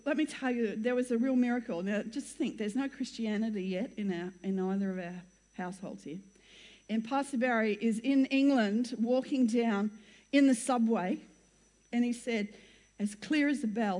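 An older woman speaks with a slightly high voice as she shares a personal testimony with a gathering. She rambles and keeps interrupting herself with chatty asides and laughs. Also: warm tone. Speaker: church speaker sharing her testimony. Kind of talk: chatty personal storytelling to an audience.

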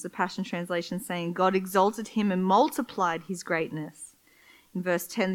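A woman's voice: medium pitch, rough recording. A woman preaching a sermon, reading scripture and telling personal stories in a candid, conversational way.

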